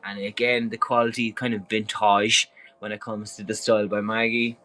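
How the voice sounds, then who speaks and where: A man's voice: fairly low pitch, little pitch movement, normal speed, sharp tone, rough recording. An Irish man hosting a live clothing sale, talking in a chatty, enthusiastic and rambling way. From Ireland. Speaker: live-stream clothing seller. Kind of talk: casual live sales patter.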